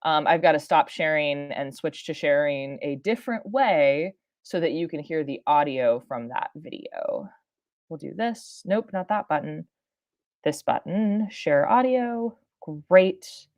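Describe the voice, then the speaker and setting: A woman's voice: low voice, animated, measured pace, darkish tone, no room sound, studio quality. A woman chatting through a live-stream reaction, rambling with lots of fillers, restarts and laughs. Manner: rambling, many fillers and self-interruptions. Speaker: science streamer.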